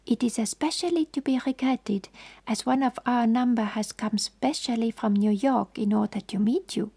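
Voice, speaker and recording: A prim, exacting old detective, as a woman whispers him in a whispered role-play for a bedtime story. The voice is husky and dark, with a slow, gravelly edge. He speaks in ornate, formal phrases and gently scolds. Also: on the high side. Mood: suave. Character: fussy, precise older male detective.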